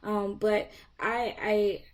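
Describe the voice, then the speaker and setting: A woman's voice: medium pitch, steady tone, extremely slow. A woman hosting a podcast interview, upbeat and enthusiastic, laughing often. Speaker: podcast host. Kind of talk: casual interview chat.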